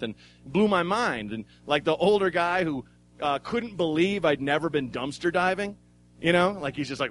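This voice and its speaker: A man's voice: fairly high pitch, lively intonation, brisk. Self-mocking rambling man on stage. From Oregon, USA. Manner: rambling, self-mocking, with frequent restarts and swearing. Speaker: stand-up comedian. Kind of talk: stand-up storytelling. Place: live comedy club stage.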